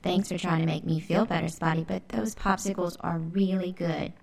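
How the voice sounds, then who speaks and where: An excitable young girl kitten, mad about dessert, bright and a touch whiny, as a woman reads her. The voice sits on the low side. It sounds like a storybook read aloud. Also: moderate pace, vocal fry. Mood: cheered.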